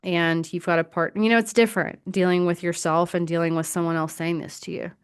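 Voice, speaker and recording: Woman host coaching casually: low, smooth voice, acts out quotes, loose and swearing. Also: level tone, brisk. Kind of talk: casual teaching talk.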